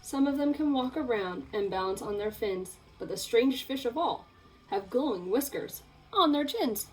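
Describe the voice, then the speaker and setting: A young woman teacher reading a picture book aloud to children, in an expressive, playful storytelling way. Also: a little high, normal speed, a little hiss or hum, low-quality recording.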